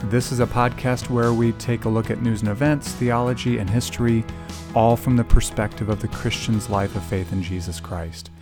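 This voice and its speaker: A man hosting a commentary podcast, speaking emphatically and slowing down to stress key phrases. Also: mid-range voice, steady tone, over music. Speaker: podcast host.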